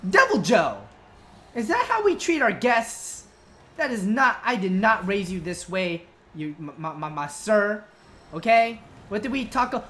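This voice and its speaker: A woman commenting on her own gameplay, scolding the monster like an unruly child, swearing and yelling when things go wrong. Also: mid-range voice, sing-song, measured pace, soft background music. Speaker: gamer.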